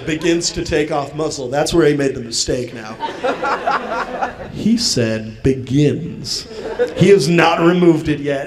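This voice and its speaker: A man's voice: a little high, takes it slowly, pauses often. A man telling a comic story on stage, acting out chat-room lines in different voices. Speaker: stand-up comedian. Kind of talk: stand-up comedy storytelling. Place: convention hall with audience. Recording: live hall with crowd laughter. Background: audience laughter.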